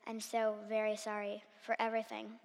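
A woman's voice: a little high, completely flat delivery, moderate pace, gravelly. A woman voicing a grumpy green male Grinch in a story she reads aloud. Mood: sheepish apologetic. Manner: read-aloud character voice. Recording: long hall reverb.

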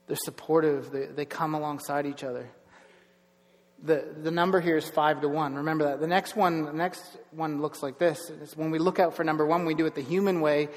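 Pastor guy preaching, kinda high voice, lots of restarts, big echoey church hall. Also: fairly even intonation, a little fast. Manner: conversational preaching with restarts and asides. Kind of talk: sermon.

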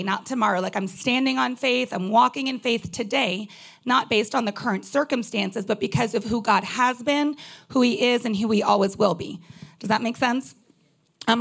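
Woman pastor, fairly high gravelly voice, candid conversational preaching, near tears. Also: a bit bright. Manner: candid, conversational, with many fillers. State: holding back tears. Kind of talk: personal sermon.

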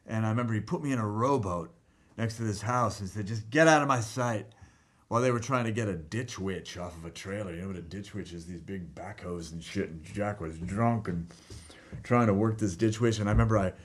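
A man telling a personal story in casual talk, animated, laughing at times and swearing freely. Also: on the low side, brisk. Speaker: guest telling a life story.

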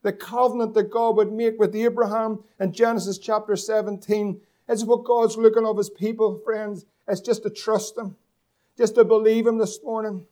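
A man's voice: high voice, little pitch movement, moderate pace, mellow. A man from preaching a sermon as pastor, asking the congregation questions and drawing out key words for emphasis.

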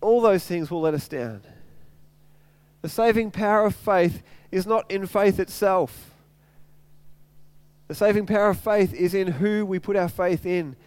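Male pastor, higher voice, clear and smooth delivery, earnest sermon with repeated phrases. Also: a little slow, pauses often, darkish tone, dry recording.

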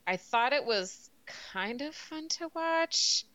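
A woman's voice: sits high, expressive, takes it slowly, sharp tone, dry recording, highs cut off. A woman co-hosting a podcast in casual chat, frank and wry. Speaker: podcast co-host.

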